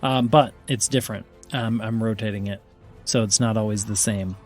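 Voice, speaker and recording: A man's voice: fairly low pitch, steady tone, normal speed, soft background music. A man running a tabletop game as game master, narrating playfully and laughing easily.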